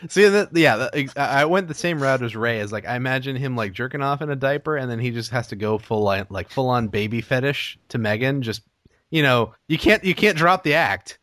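Playful man with lively pitch. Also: a little fast, no room sound. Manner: laughing banter, playful questions. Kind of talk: casual chat.

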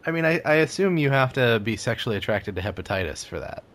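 A man in casual podcast banter, halting and searching for words. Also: medium pitch, very animated, fairly bright tone.

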